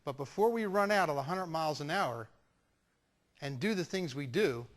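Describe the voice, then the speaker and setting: A man telling a personal story as a sales trainer, animated and acting out the dialogue. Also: a little high, moderate pace. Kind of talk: storytelling talk.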